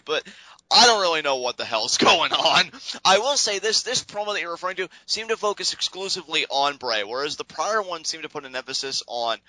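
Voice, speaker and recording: Bright, animated man on a podcast. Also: a little high, fairly quick, dry recording, low-quality recording. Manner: animated, sarcastic, laughs often. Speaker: podcast co-host. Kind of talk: casual wrestling podcast chat.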